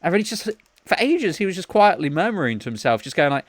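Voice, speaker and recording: A man's voice: fairly high pitch, fast talker, no echo. A man co-hosting a podcast, telling a story casually and acting out his friends' lines. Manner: animated storyteller, acts out friends' lines with laughs. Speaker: podcast co-host.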